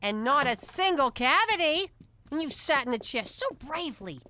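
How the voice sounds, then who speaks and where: A doting, fussing mother from a cartoon, high and sing-song. She coddles sweetly, over a clear hiss of noise. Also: big pitch swings, normal speed. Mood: coddling.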